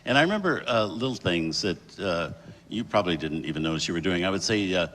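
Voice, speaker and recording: A man's voice: deep voice, lively intonation, fast, fairly bright tone, a little hiss or hum. A man, formerly a TV host, giving an earnest tribute speech with small hesitations. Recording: hall reverb, faint audience.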